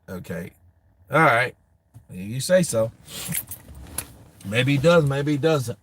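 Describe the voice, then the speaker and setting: A man's voice: mid-range voice, lively intonation, slow pace, pauses often, a bit bright, a little hiss or hum. Crude, laughing American guy chatting boxing. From United States. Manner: laughing often, loose and crude, talks to the chat. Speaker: boxing show host reading viewer comments. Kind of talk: casual profane chat.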